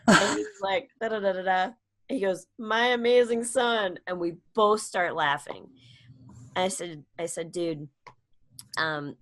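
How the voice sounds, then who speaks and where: A middle-aged woman, a comedian and speaker, telling a personal story in a casual interview, acting out quoted lines with sudden high-voiced jumps. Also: a bit bright. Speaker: guest, comedian and public speaker.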